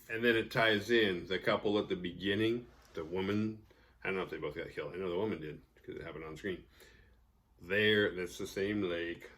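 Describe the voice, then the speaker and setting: A man talks through a horror movie plot in an offhand, profane way. His voice sits on the lower side. He mocks the characters' choices and slips into quick impressions of them. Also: a bit bright. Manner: profane, sarcastic, acts out quoted characters with laughs. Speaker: podcast host recapping a horror film. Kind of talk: casual recap monologue.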